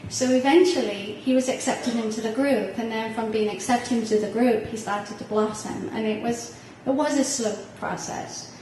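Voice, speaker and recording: A woman's voice: on the high side, normal speed, hardly any pauses, a little mellow, a little hiss or hum. A middle-aged woman, a parent on a panel, telling a heartfelt personal story with some laughter, recorded from a distance in a hall. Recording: echoey room heard from far off.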